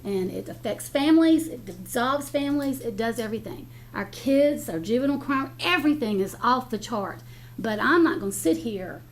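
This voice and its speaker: A woman's voice: a little high, a little hiss or hum. An older woman county commissioner speaking bluntly and emotionally at a public meeting. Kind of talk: impassioned remarks at a public meeting.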